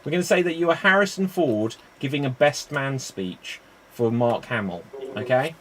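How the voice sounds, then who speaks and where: A man's voice: medium pitch, expressive, normal speed, a bit bright, slight background noise. A man hosting a live-streamed improv show, chatty and rambling between games.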